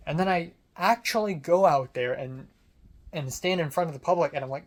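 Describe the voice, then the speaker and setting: A young adult vlogger with an American accent rambles through a story. The delivery is sardonic and casual, peppered with quick asides. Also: medium pitch.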